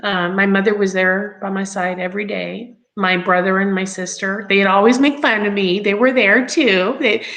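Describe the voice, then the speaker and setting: A grown woman telling her own story as an interview guest, chatty and halting with many ums and laughs along the way. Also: medium pitch, steady tone, fairly bright tone, rough recording. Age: adult.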